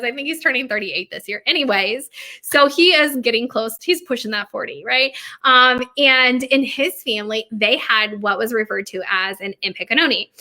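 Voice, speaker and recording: A woman in her thirties, a bakery owner, chatting casually about family traditions, rambling and laughing, sometimes talking quietly. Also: a little high. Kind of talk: casual chat.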